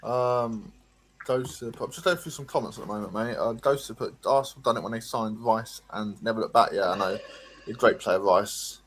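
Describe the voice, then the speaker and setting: A man's voice: on the low side, normal speed. A man hosting a casual livestream chat, reading out viewer comments with lots of hesitant ums. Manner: reads viewer comments aloud, chatty and hesitant. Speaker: host.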